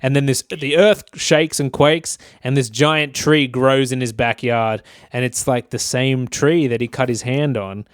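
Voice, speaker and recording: A man's voice: medium pitch, steady tone, a little slow, hardly any pauses, clean tone, dry recording, studio quality. A man co-hosting a podcast, casually recapping a movie plot in a rambling way and acting out lines. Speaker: podcast co-host. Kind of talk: casual film review chat.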